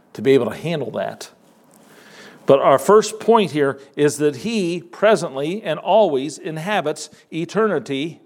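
High-voiced emphatic male preacher. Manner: emphatic, pausing, repeats words when building a point; folksy, addresses listeners as folks. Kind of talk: sermon.

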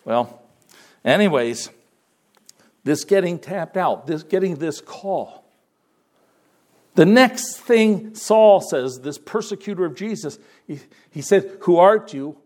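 A middle-aged man preaching with a slightly high voice. His delivery is conversational and animated, and he jumps into raised voices to act out the lines he quotes. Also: takes it slowly, long pauses. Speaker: pastor. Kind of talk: sermon.

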